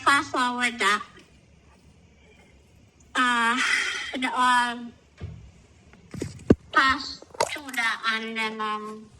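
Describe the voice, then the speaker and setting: A woman with a Jamaican accent, speaking through a voice disguise filter and telling her life story haltingly, with many pauses. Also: a little high, background noise. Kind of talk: personal storytelling over a call.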